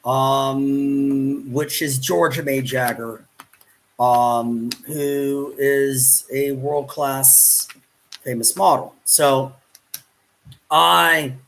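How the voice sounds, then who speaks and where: Very slow and steady, his medium-pitched voice gravelly yet fairly bright, a YouTube vlogger argues with someone off camera as he narrates. He repeats words, pleads repeatedly, and speaks in grand terms. The roomy audio comes from a far-off mic and has a little hiss or hum.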